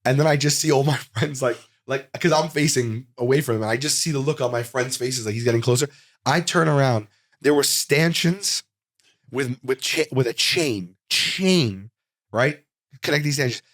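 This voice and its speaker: New male comedian, animated storyteller, middle pitch, dry studio sound. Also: normal speed, no room sound. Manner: animated, with many restarts and acted quotes. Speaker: comedian guest. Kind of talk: casual storytelling.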